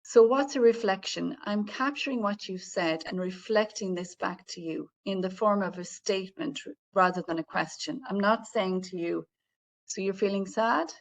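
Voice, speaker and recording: This healthcare communication webinar is led by a woman who talks at a normal speed with hardly any pauses in her medium-pitched voice. Over the video call she addresses participants directly and explains things warmly.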